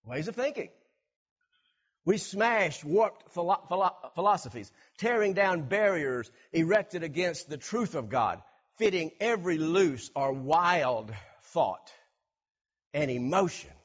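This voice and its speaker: A man preaching a sermon, animated, acting out everyday scenes and repeating words for emphasis. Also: on the high side, husky, lo-fi sound. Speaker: pastor.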